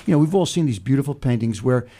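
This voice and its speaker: An older man hosting a casual talk show tells a reflective story in a meandering way, restarting often. As the podcast host, he has a mid-range voice that is expressive, fast and mellow.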